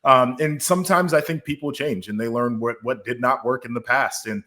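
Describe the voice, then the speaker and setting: A man in his thirties co-hosting a college football podcast, talking in a relaxed, conversational way. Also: mid-range voice, normal speed. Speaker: podcast co-host. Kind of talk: casual sports chat.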